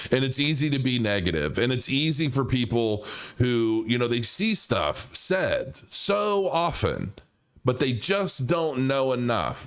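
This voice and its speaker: A man's voice: mid-range voice, smooth. A man speaking as a crypto commentator in a loose, unscripted rant. He is blunt and swears freely. He stumbles over repeated words as he restarts his thoughts. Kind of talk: casual vlog rant.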